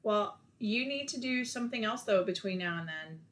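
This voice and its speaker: A woman's voice: medium pitch, expressive, normal speed, fairly bright tone, slight background noise. A woman in her thirties hosting a casual podcast, asking questions with a teasing, playful touch. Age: 30s. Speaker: podcast host. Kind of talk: casual interview chat.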